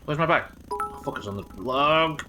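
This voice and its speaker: A man from the UK streaming a survival game live, yelling at the game, swearing, and reading out chat messages. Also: on the high side, normal speed, music in the background. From United Kingdom. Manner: excitable, swears a lot, yells at the game.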